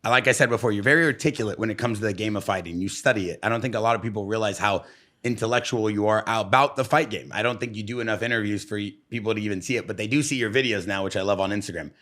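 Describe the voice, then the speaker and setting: Podcast host, man, quick delivery, slightly low voice, teasing. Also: bright, forceful tone. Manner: fast, teasing, then earnest when asking questions. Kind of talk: casual podcast chat. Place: podcast studio.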